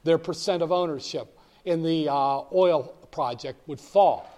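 An older man from the northern United States telling stories to an audience in an animated, emphatic, wry way. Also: on the high side, a little slow. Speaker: speaker addressing an audience. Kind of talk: storytelling talk.

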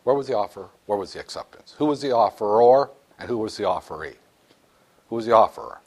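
Man, business law lecture, lively swooping pitch, jokey classroom asides. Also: fast talker, slightly rough. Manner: animated, joking, acts out little scenes.

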